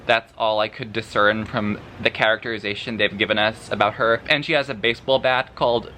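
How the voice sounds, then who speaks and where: Guy ranting about a book on his vlog, crisp bright voice, swears a lot, super dramatic and sarcastic. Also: medium pitch, normal speed, hardly any pauses, a little hiss or hum. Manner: laughs often between remarks. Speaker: book vlogger. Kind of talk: casual vlog review.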